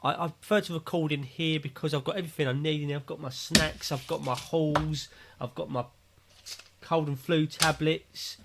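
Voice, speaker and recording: A man's voice: fairly high pitch, steady tone, normal speed, a little hiss or hum. A man co-hosting a podcast, rambling casually with self-mocking asides. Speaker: podcast co-host. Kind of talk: casual chat.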